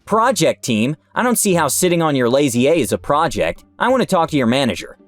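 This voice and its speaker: A man's voice: a little high, big pitch swings, brisk, dry recording. A man reading as an entitled, irate woman customer. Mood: indignant. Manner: demanding, indignant.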